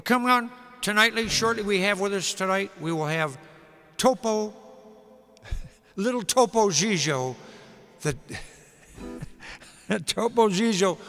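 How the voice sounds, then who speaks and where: A man's voice: high-pitched, pushed and bright, big-room sound, heavily acted. A man doing a stiff old TV variety host. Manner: formal, announcing. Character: stiff older male TV variety show host.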